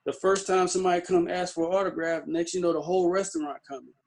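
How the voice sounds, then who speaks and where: A male interview guest with a fairly high voice. He rambles through his stories and fills them with restarts and small fillers. His delivery is casual and easygoing. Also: level tone, quick pace, creaky. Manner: loose storytelling, many fillers and restarts.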